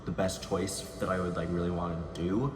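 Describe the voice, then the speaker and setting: Low-voiced guy doing a chatty get ready with me vlog, rambly, swears a lot, loud music behind him. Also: flat delivery, a little fast. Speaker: vlogger. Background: loud background music.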